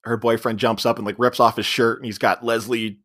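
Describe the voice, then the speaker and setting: A man's voice: medium pitch, little pitch movement, a little fast, fairly bright tone. A man co-hosting a podcast, casually recapping a comedy film, laughing often and acting out quoted lines. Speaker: podcast co-host. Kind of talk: casual movie recap chat.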